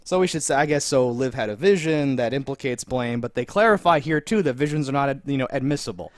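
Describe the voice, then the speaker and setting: Male podcast co-host, mid-pitch, animated and mocking, dry close sound. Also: no room sound. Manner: animated, quick jumps into mocking voices. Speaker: podcast co-host reviewing a TV episode. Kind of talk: casual chat.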